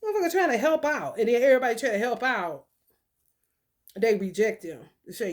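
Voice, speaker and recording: A woman giving casual spiritual commentary, profane and animated, with laughing asides. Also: on the high side, brisk. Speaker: spiritual reader.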